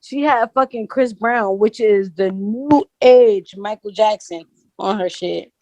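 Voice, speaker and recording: A woman co-hosting a podcast, arguing her case in a heated casual debate, repeating her points and getting loud. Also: mid-range voice, takes it slowly, no room sound. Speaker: podcast co-host.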